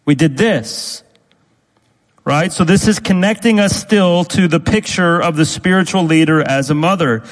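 A man preaching a sermon as pastor, speaking deliberately and repeating key phrases for emphasis. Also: high voice, big-room sound, poor audio.

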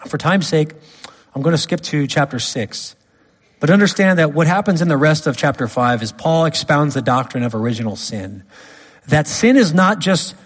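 A man preaching a sermon, emphatic, swinging from loud stresses to quiet drops. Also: fairly high pitch, husky. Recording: long hall reverb.

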